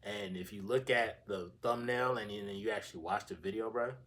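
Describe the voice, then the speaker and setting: A young man telling a dream story on his own channel in a loose, casual style. His voice sits a little low, and he rambles in slang with plenty of swearing. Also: normal speed, a bit bright. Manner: slangy, profane, rambling retelling. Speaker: channel host.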